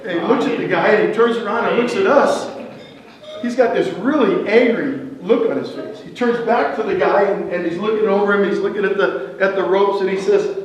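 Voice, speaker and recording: High-voiced older man telling roast stories. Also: a little fast. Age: 60s. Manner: storyteller building to punchlines. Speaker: former wrestler giving a roast speech. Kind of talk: anecdotal roast speech. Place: event venue hall. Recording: echoey hall, distant mic, faint noise.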